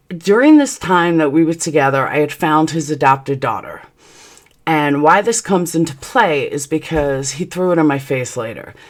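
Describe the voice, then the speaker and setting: A woman telling a personal story in a vlog, blunt and heated, swearing freely and rambling through quick asides. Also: low-pitched. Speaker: channel host.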